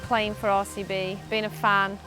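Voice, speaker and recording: An upbeat woman talks freely in an interview, laughing easily between answers. Her voice sits at an ordinary middle pitch, and a clear music bed runs underneath her. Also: little pitch movement, moderate pace. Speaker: professional cricketer. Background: background music.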